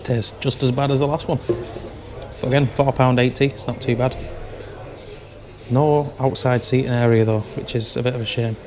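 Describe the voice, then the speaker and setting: A man's voice: medium pitch, steady tone, normal speed, long pauses, darkish tone. A man vlogging casually on a handheld camera, reviewing pubs with dry jokes. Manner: dry, joking pub reviews. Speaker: travel vlogger. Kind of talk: casual vlog chat. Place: pubs and streets, in and out of doors.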